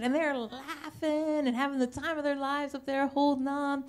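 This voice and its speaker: A woman's voice: high voice, little pitch movement, normal speed, hardly any pauses, a little mellow. Chatty woman telling a story on stage. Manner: chatty, self-mocking, full of restarts and quoted voices. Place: stage at a live storytelling show.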